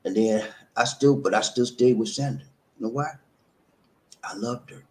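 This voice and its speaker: A man's voice: mid-range voice, fairly even intonation, normal speed, darkish tone. A middle-aged man, telling viewers a personal story in an emphatic way, often tagging on "man" and laughing at himself. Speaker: vlog host.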